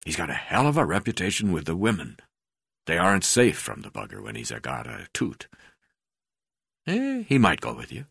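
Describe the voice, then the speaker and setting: A man voicing a boozy, portly, profane older male magistrate-rancher who talks bluntly and jokes with a croaky voice. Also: fairly low pitch, fairly bright tone, dry recording, studio quality, full character voice. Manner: blunt, swearing, joking.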